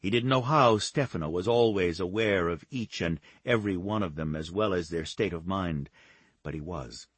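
A man narrates a romance novel in a steady, measured delivery. His voice sits low with a husky grain. The close mic gives a dry, intimate sound. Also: no room sound. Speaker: audiobook narrator.

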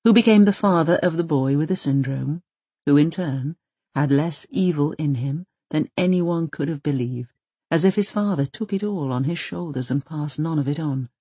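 A woman narrating an audiobook in a measured, gentle storytelling manner. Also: low-pitched, slightly rough, dry recording.

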